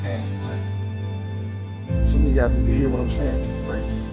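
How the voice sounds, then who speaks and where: A man's voice: medium pitch, steady tone, a little slow, lo-fi sound. A man giving a motivational speech to a live audience, with an emphatic, repetitive, preacher-like rhythm and call-and-response questions to the crowd. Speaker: motivational speaker. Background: background music.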